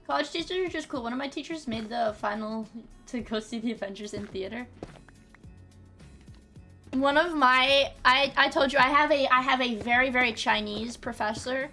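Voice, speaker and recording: Soft background music accompanies a young woman's casual gaming stream. She talks at a normal speed in a high voice that sounds pushed and bright, cursing freely and frequently starting her sentences over.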